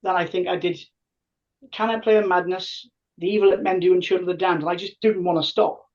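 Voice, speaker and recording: A man's voice: high-pitched, fast talker, far from the mic. A man in his fifties, a podcast guest who tells stories animatedly and acts out what people said. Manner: animated, acts out quoted dialogue. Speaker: podcast guest, tribute band singer. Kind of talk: casual storytelling. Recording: muffled lo-fi audio.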